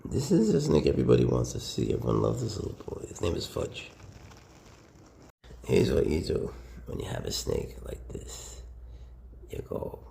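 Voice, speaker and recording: A man who keeps snakes, talking casually and fondly about them, slipping into doting baby talk and soft whispers. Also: rumbling low, huge pitch swings, moderate pace, creaky, pauses often. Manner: drops to soft whispers at times. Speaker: snake keeper. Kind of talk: casual talk to camera while handling snakes. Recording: faint background noise.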